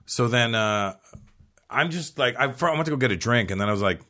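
A man's voice: medium pitch, expressive, brisk, bright, forceful tone. A man telling a long story casually as a podcast guest, acting out other people's lines and swearing freely.

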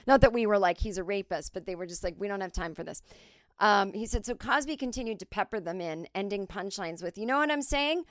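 A woman comedian telling a story in a casual, animated, profane and self-mocking way on a close mic. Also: on the low side, no room sound. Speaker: comedian and podcast host.

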